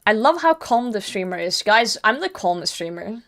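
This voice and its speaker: A woman's voice: medium pitch, very animated, moderate pace, fairly bright tone. A young woman streaming a game, chatting casually with viewers, blunt and self-mocking, laughing often and swearing when frustrated. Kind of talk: casual live game commentary.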